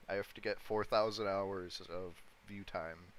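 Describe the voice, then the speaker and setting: A man with a low, bright-edged voice talks slowly through a casual live stream, thinking aloud and addressing his chat. He chuckles a lot between remarks, and a faint hum of background noise sits under his voice. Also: low-quality recording. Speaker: livestreamer day-trading crypto.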